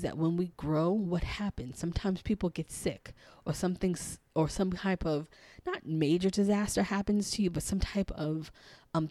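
Hoarse woman podcasting, dry close sound. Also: sits low, mellow, no room sound. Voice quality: raspy. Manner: earnest, encouraging, thinking aloud with many "um"s and restarts. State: hoarse, partly lost voice. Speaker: podcast host and spiritual coach. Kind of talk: reflective solo podcast monologue.

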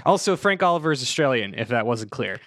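A playful man co-hosting a comedic podcast and laughing easily between points. His voice sits at an everyday middle pitch. The recording is dry and close, with no room echo. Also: very animated, fast, fairly bright tone. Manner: playful, laughs often, reads from notes. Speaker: podcast co-host. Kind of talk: casual comedic chat.

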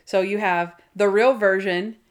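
A woman in casual chat, excitedly retelling a favorite TV episode and acting out its lines with frequent laughter. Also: mid-range voice, unhurried. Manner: animated, laughing storyteller acting out quotes.

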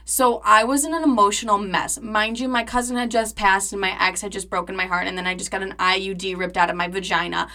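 Bright-voiced young woman telling a dramatic story. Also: mid-range voice, fairly even intonation, fast talker, few pauses. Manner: chatty and dramatic, heavy with "like" and swearing. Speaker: podcast host. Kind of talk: casual storytelling monologue.

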